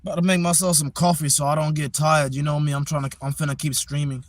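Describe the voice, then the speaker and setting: A man's voice: fairly high pitch, flat delivery, fast. A man livestreaming outdoors from a phone on a tripod, chatting casually and playfully trash-talking his viewers. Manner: boastful, playful trash-talk at the chat. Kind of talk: casual live-stream chat.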